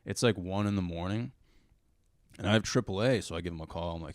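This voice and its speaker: A young man, a comedian guest, telling a story in a relaxed, profane, casual podcast chat, saying "dude" all the time. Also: low-pitched, fast talker, no echo, studio quality. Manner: laid-back, profane, says "dude" constantly.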